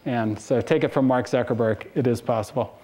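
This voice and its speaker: A man's voice: medium pitch, fairly even intonation, brisk, warm tone. A man in his forties giving a casual conference talk to students, telling anecdotes and laughing between stories. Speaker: guest speaker. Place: lecture hall.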